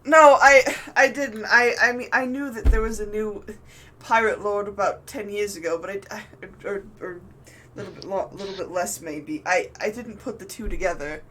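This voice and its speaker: A woman's voice: mid-range voice, normal speed, a bit bright, lightly acted. A woman playing a stammering, flustered father figure. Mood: apologetic. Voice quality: stammering, anxious. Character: flustered gentle male father figure Caspian.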